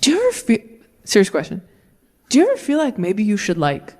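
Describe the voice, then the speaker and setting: A woman's voice: mid-range voice, huge pitch swings, a little fast, mellow. A woman performing a stand-up comedy set on a club stage, brash and self-deprecating, talking frankly to a live audience.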